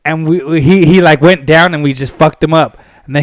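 A young man from Pasadena, California, spins profane, animated stories in a loose, conversational way. His voice sits a little high for a man. It is recorded dry and close. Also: brisk, no echo. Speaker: guest telling stories. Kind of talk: casual storytelling.

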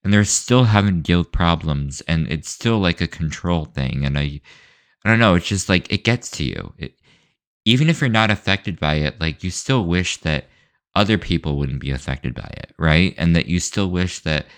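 A man's voice: low voice, lively intonation, normal speed, a bit bright, clean tone, dry recording. A man hosting his own show, talking alone in a loose, rambling way, full of fillers, restarts and hedging asides. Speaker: show host. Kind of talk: solo opinion rant.

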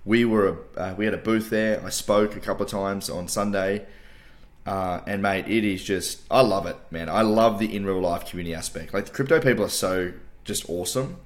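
Hungover Australian male co-host, lowish voice, loose and profane, laughs often. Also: fairly quick. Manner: swears freely and laughs often. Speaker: podcast co-host. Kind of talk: casual chat.

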